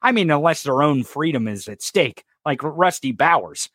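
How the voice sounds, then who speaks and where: A man's voice: on the high side, lively intonation, moderate pace, fairly bright tone, dry recording, studio quality. A man co-hosting a political commentary podcast, talking in an impassioned, profane rant with sarcastic jabs. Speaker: podcast co-host.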